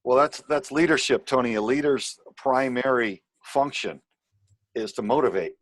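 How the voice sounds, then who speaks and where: A middle-aged man from the United States, a guest in a casual conversation, giving earnest and measured advice. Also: medium pitch, no room sound.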